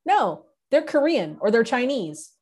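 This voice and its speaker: A woman's voice: on the high side, sing-song, a little slow, darkish tone. Woman from san diego talking casually, earnest, explains things. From San Diego, United States. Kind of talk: casual conversation.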